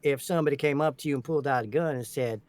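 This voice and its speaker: A man's voice: mid-range voice, very fast, no room sound. A man chatting and laughing with friends on a live stream, explaining things at length. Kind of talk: casual banter on a live stream.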